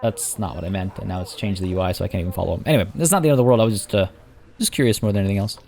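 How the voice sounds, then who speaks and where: A man casually commenting as he plays a zoo-building game, rambling and chatty, often restarting sentences and filling pauses. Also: deep voice, gravelly, darkish tone. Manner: rambling, chatty, self-correcting with fillers. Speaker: let's play host.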